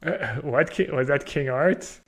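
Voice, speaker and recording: A man's voice: on the high side, unhurried. Chatty self-mocking male game streamer. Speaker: streamer playing a card game. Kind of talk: casual live-stream commentary.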